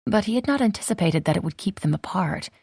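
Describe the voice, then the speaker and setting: A woman narrating a romance audiobook in an even, measured reading. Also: medium pitch, gravelly, husky, no room sound, studio quality. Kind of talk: scripted narration.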